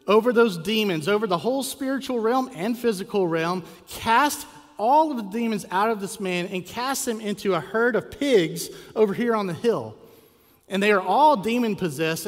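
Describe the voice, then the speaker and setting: Preacher telling a story in a reverberant church. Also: male voice, high-pitched. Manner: animated storytelling with acted quotes and rhetorical questions. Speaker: pastor. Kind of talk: sermon. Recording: long hall reverb.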